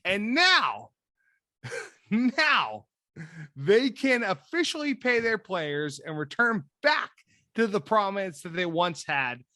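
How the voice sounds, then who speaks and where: Excitable, bright-voiced podcast co-host man. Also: sits high, no echo. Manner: excitable, swearing, laughing, drawn-out emphasis. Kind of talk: casual chat. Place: recorded drinking whiskey with co-host.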